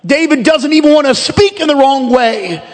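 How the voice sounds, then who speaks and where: A man pastor preaching a sermon in a church, moving from quiet reflective reading to impassioned pleading. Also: extremely high pitch, expressive, normal speed, in a large hall.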